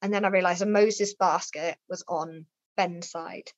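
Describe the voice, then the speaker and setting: A woman's voice: fairly low pitch, measured pace, no room sound. A woman, a guest telling her personal story in an interview and acting out the voices of people she quotes. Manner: lively, acts out quoted dialogue with raised voice. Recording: slightly dull, dry lo-fi sound.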